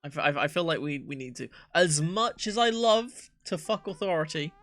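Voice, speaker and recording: A man's voice: a little high, brisk, a bit bright, soft background music. A man streaming a dating game, reading lines aloud in a playful way, swearing and stumbling over words.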